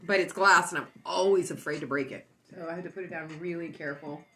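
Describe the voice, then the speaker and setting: A woman's voice: on the low side, fast talker, fairly bright tone, faint music behind. A stoned woman hosting a casual livestream, rambling, boastful and giggly. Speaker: livestream host.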